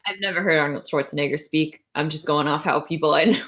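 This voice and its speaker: Playful woman player, low-ish voice. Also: fast talker, a bit bright. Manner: playful, joking. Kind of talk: casual chat.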